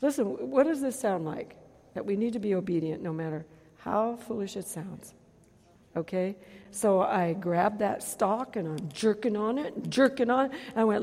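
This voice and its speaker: A gravelly middle-aged woman preaching a testimony, animated and full of acted-out voices. Her voice rings with a long reverb, as if from a big hall. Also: medium pitch, moderate pace. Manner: animated storytelling, acts out voices and gasps. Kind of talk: testimony sermon.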